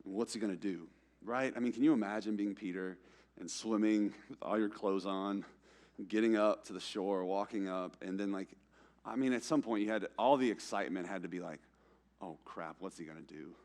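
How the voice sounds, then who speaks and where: A young man with a slightly low voice preaches in a church, talking like a friend rather than from a pulpit. He acts out the characters in quick asides, rising loud and excited, then dropping to a near hush. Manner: conversational preaching with casual slang and acted-out quotes; swings from loud and emphatic to low and hushed. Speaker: pastor. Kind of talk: sermon.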